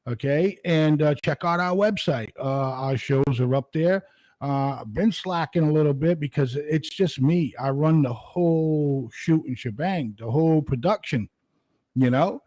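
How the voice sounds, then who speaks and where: Guy hosting a morning show, cussing and rambling, kinda high voice, dry close mic. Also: a little slow, darkish tone, no echo, poor audio. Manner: profane, rambling, heavy filler. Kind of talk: casual rambling monologue.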